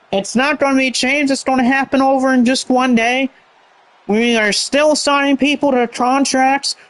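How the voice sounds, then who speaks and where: A man's voice: very high voice, a bit bright. A man doing rambling play-by-play commentary on a wrestling show, heavy on fillers.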